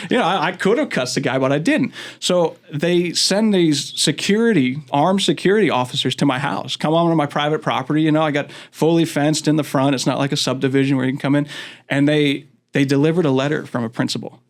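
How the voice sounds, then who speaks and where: A man's voice: a little high, brisk. A man from Florida, a father, casually telling rambling stories as a podcast guest, laughing often and acting out what others said. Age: adult, father of school-age daughters. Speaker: guest, county commission candidate. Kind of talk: casual storytelling chat.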